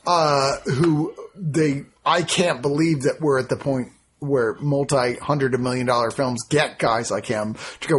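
A man chatting casually about films, enthusiastic and animated. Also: a little high, normal speed, husky. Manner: enthusiastic, animated, quotes people in put-on voices. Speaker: podcast co-host reviewing films. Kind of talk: casual chat.

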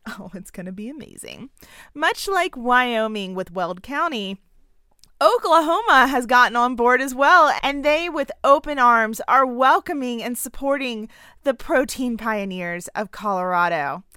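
A woman's voice: on the high side, lively intonation, unhurried, bright, forceful tone, clear, resonant tone, no room sound, studio quality. Sarcastic Southern woman commentator. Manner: sarcastic and punchy. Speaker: political commentator. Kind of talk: opinion commentary.

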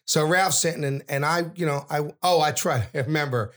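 A middle-aged man, telling a story as a podcast guest and acting out every character in loud, brash voices. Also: a little high, a little fast. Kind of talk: animated storytelling.

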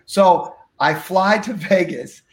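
A man telling a story from his life as an interview guest, acting out the dialogue with lively energy. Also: high-pitched, slow pace, roomy sound. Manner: animated, acts out dialogue. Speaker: guest speaker.

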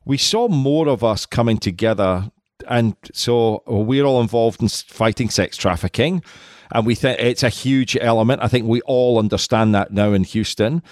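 A man from Scotland co-hosts a podcast in a casual, joking way, swearing now and then. His voice is mid-pitched and recorded close and dry. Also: normal speed, darkish tone, no room sound. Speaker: podcast co-host. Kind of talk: casual chat.

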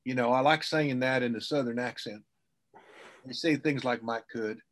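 A man's voice: mid-range voice, normal speed. A middle-aged man, a sales trainer, telling anecdotes in a podcast interview and acting out the quotes.

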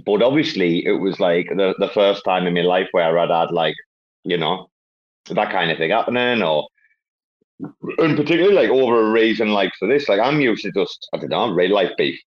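A man's voice: sits low, expressive, moderate pace. A man hosting a casual online chat, rambling and swearing through banter. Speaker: host. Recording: dull lo-fi online audio.

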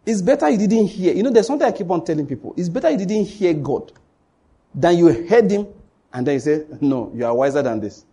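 A man's voice: high-pitched, very animated, brisk, warm tone, breathy edge. A man with a Nigerian accent preaching a sermon to his congregation, emphatic and repetitive, speaking straight to the listeners. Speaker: pastor.

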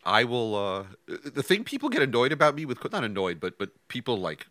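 A man's voice: medium pitch, big pitch swings, brisk, bright, forceful tone, dry recording. A man co-hosting a podcast in casual chat from his home office, talking with stammering restarts and self-deprecating chuckles. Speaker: podcast co-host.

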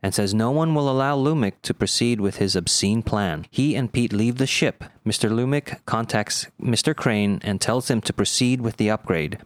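A man's voice: on the low side, no echo. A man co-hosting a chat, reading out a plot summary with dry humor. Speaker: podcast co-host.

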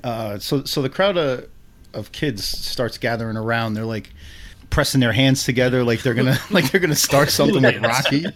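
A man's voice: mid-range voice, normal speed, fairly bright tone. A man co-hosting a podcast, recapping a film in casual chat and chuckling through his sentences. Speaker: podcast co-host.

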